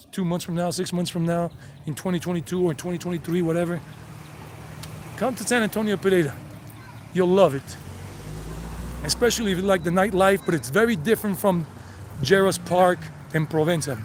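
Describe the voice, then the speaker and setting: A man narrates a casual walking tour outdoors, his voice pitched on the high side. He chats freely to the camera with easy humor. Faint traffic hums in the background. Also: a little mellow. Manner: chatty, switches to Spanish with locals, laughs easily. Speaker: travel vlogger and tour host. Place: outdoors on a town street.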